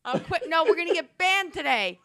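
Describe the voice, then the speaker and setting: A woman co-hosting a podcast in casual chat, teasing her co-host with quick interjections. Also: extremely high pitch, animated, background noise.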